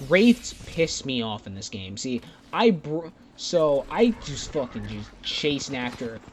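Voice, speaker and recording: Over his own gameplay footage, a young man rambles casually and profanely in a laid-back way, as gaming YouTubers do. He speaks at medium pitch, very animated but at a measured pace, while game gunfire and clicks play beneath.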